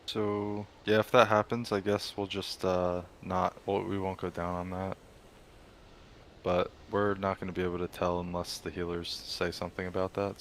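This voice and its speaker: A man leading a raid over voice chat, steady and matter-of-fact as he gives directions. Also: deep voice. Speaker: raid leader. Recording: voice chat over loud background noise.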